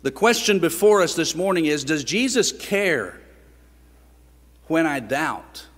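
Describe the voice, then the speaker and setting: A man delivers a sermon at a slow, deliberate pace, his fairly high voice climbing when he presses a point. His words ring out through the long reverb of a church sanctuary. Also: very animated. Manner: earnest, rises in pitch for emphasis and questions. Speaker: preacher.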